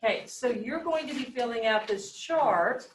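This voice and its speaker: A woman's voice: on the high side, expressive, moderate pace, noisy background. A woman teacher leading a reading lesson, explaining step by step and asking the class questions. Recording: echoey classroom, mic at a distance.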